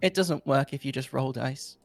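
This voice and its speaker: A woman's voice: a bass voice, moderate pace, creaky, no echo, soft background music. A woman playing a tabletop game online, playful and teasing. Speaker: player. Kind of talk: casual game chat.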